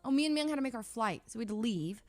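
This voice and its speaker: A woman's voice: fairly high pitch, lively intonation, rapid-fire, no room sound. A young woman streamer chatting casually as she tells a story, rambling with lots of restarts and laughing often. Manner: rambling, heavy use of "like" and restarts, frequent laughter.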